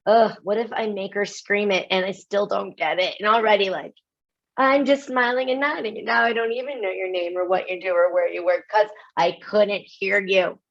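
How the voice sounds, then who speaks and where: Animated American woman giving a webinar talk. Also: mid-range voice, vocal fry, dull audio. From United States. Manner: animated, self-mocking, quick asides with laughs. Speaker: keynote speaker.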